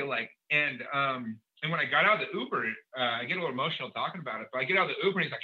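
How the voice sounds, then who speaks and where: A man, a guest on a podcast, telling a personal story in a quick, animated way, full of fillers and acted-out dialogue. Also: medium pitch, dull audio.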